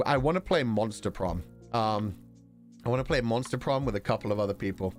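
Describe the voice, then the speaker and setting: A man's voice: lowish voice, a little fast, soft background music. A man with a Belfast accent streaming a casual chat, rambling and laughing often as he talks. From Northern Ireland.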